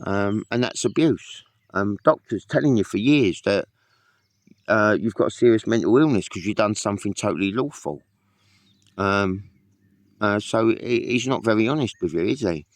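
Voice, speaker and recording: A man's voice: lowish voice, animated, moderate pace, no room sound. A man in a casual monologue to camera, rambling and aggrieved, swearing often. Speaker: vlogger.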